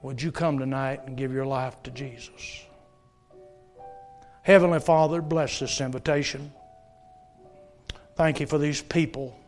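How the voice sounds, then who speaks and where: A man's voice: mid-range voice, steady tone, measured pace, pauses often, faint music behind. A middle-aged man preaching a sermon at a church service, telling stories and pleading earnestly with the congregation. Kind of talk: sermon with altar call.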